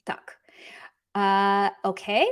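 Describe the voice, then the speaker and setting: A woman's voice: medium pitch, completely flat delivery, extremely slow, clear, resonant tone. A woman teaching a Russian grammar lesson, upbeat and teasing as she quizzes her viewers and reads out example phrases. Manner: upbeat, teasing quiz prompts, switches between English and careful Russian.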